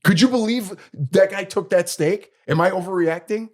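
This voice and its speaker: Here a middle-aged man with a high voice speaks at a moderate pace while co-hosting a podcast. In casual conversation he tells a story animatedly, performing each person he quotes.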